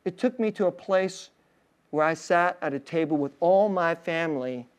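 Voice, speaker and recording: A male pastor preaching a sermon in a casual, storytelling way, full of fillers and soft laughs, dropping to a hushed tender voice on emotional points. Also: on the high side, normal speed, smooth.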